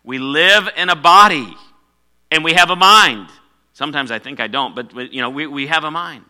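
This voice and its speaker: Male pastor, sermon delivery, emphatic, slightly high and sharp-toned voice. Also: normal speed. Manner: emphatic preaching, repeating key phrases.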